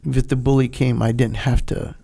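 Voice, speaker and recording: An older man, a retired Navy veteran, telling a lively story in a podcast interview, acting out the dialogue and laughing often. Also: mid-range voice, normal speed, creaky, breathy edge. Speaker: guest, retired Navy SEAL.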